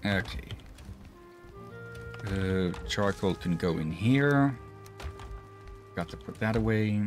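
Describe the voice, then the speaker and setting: Gaming streamer, man, low unhurried voice, relaxed and chuckly. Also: faint music behind. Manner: relaxed, laughs often, thinks aloud. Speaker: streamer playing a co-op game. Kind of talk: casual gaming chat.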